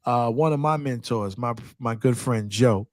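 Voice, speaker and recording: A man's voice: mid-range voice, measured pace, darkish tone. A man with a mid-range voice speaks earnestly and reflectively in casual podcast chat. The sound is dry and close, with no room echo.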